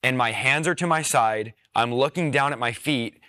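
A young man telling his personal testimony in an earnest storytelling manner, with quick bursts. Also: mid-range voice, pushed and bright, no echo, studio quality. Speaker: preacher.

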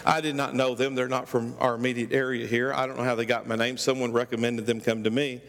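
A middle-aged male pastor preaching a sermon, emphatic and rising loud on key phrases. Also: medium pitch, flat delivery, fast. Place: church sanctuary. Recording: church hall with long reverb.

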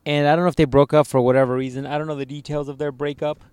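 A man's voice: on the high side, rapid-fire, clear, resonant tone, no echo, clean studio sound. A man co-hosting a podcast, joking in loose crude banter and telling stories with a lot of swearing. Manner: loose, swearing, animated storytelling. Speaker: podcast co-host.

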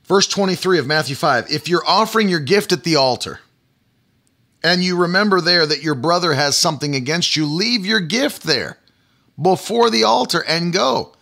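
A male preacher delivers a livestreamed sermon in a bright, fairly high voice. He is emphatic, repeats his phrases and breaks off to speak to viewers online. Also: animated, moderate pace, vocal fry.

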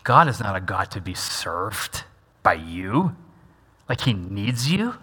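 Emphatic preacher man with a bright voice. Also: lowish voice, sing-song, takes it slowly, slightly rough. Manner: emphatic, repeats key lines and has the congregation echo them. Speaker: pastor. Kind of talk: sermon. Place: church sanctuary. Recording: long reverb of a large church hall.

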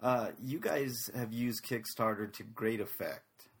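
A man's voice: medium pitch, unhurried, slightly rough. A man interviewing a game developer in a chatty, casual way.

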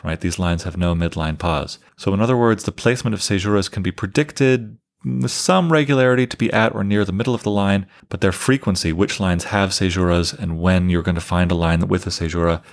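A man with a very low voice and a gravelly edge delivers a literature lecture. He explains things step by step, counting and summarizing as he goes. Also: fairly quick, hardly any pauses. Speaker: literature teacher. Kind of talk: lecture on poetic meter.

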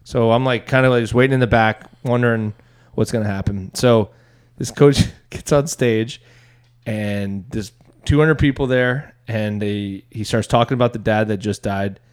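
A young man, a stand-up comedian, telling a story in casual chat, rambling with restarts and bursting into loud voices for other people. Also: fairly low pitch, steady tone, normal speed, smooth. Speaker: stand-up comedian, podcast co-host.

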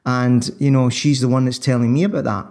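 A man co-hosting a sports discussion, calmly arguing his own view with confidence. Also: mid-range voice, fairly quick. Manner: confident, persuasive, builds an argument. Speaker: podcast co-host. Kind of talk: casual discussion.

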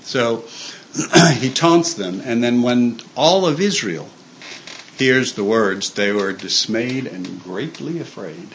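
A man's voice: medium pitch, expressive, slow pace, a bit bright, a little hiss or hum, poor audio. A man giving an informal sermon to a church staff group, conversational and full of fillers and restarts. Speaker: church speaker.

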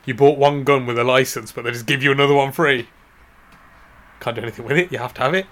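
Male co-host, bright ringing voice, jokey and giggly, loose banter. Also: medium pitch, quick pace. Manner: jokey, giggly, rambling wordplay. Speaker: podcast co-host. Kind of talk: casual comedic chat.

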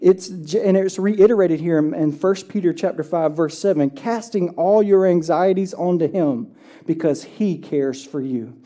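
Pastor for a relaxed church sermon: mellow tone, chatty delivery, slow deliberate scripture reading. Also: mid-range voice. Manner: conversational, often checks in with "right?"; reads scripture slowly and deliberately.

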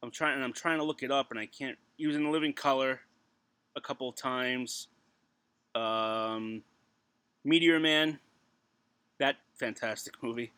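A man's voice: mid-range voice, steady tone, unhurried, pauses often, pushed and bright, clean tone, no echo. A man co-hosting a casual podcast chat, joking and chatty, laughing as he talks. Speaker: podcast co-host.

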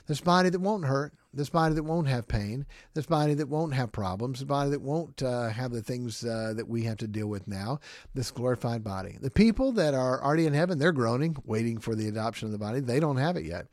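A man hosting a podcast, giving an informal devotional talk in an animated, conversational way, often asking listeners questions. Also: mid-range voice, no room sound, studio quality. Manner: animated, mimics groans, chuckles often. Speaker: podcast host.

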